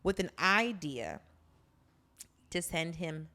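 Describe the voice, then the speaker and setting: A woman co-hosting a podcast, recapping a drama in casual chat, blunt and animated, swearing freely. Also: low voice, takes it slowly. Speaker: podcast co-host.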